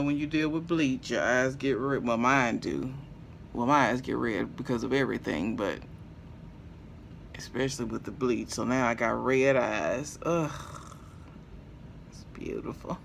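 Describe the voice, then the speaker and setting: Slow, gravelly, playful makeup vlogger. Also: medium pitch, slight background noise. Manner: chatty and playful, talks to viewers as y'all, chuckles. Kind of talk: casual makeup tutorial chat.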